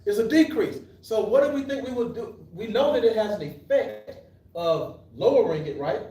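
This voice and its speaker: A man with a high, expressive, dark-toned voice teaches a live accounting class at normal speed. He poses questions to the class, answers them himself, and often restarts sentences, recorded in an echoey room from a distant mic.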